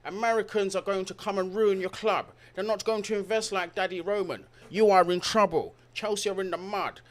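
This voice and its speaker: A man's voice: high-pitched, fairly even intonation, a little fast, darkish tone, pitched above the performer's own voice, lightly acted. A man putting on the voice of a whiny, gloating rival football fan, mocking and sing-song.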